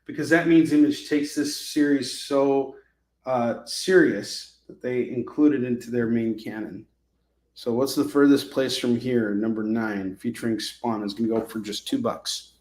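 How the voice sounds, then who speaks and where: Hosting a live comic-book sale in an echoey room, a man speaks in a steady, slightly mellow mid-range voice at a measured pace. He keeps the selling chat casual, trading jokes and sarcasm with viewers.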